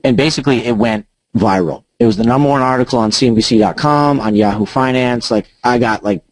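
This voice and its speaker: A man's voice: medium pitch, brisk, no room sound, low-quality recording. Chatty man teaching a live trading webinar. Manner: chatty and informal, with many fillers and restarts. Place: home office.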